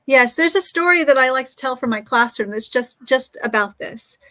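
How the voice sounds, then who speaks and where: A middle-aged woman, an author and teacher, speaks as an interview guest in an earnest, reflective way, sometimes restarting a thought. Her voice is a little higher than most, expressive and pushed and bright, at normal speed.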